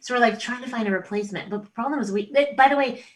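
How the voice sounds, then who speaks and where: A middle-aged woman, a comedian guest, telling a family story in casual podcast chat, animated, swearing freely and acting out voices. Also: a little high, very fast, recorded from a distance, poor audio.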